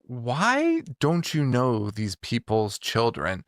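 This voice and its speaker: A man's voice: medium pitch, wildly swooping pitch, takes it slowly, dry recording, clean studio sound. A young man co-hosting a casual horror podcast, joking and swearing, often laughing. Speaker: podcast co-host. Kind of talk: casual chat.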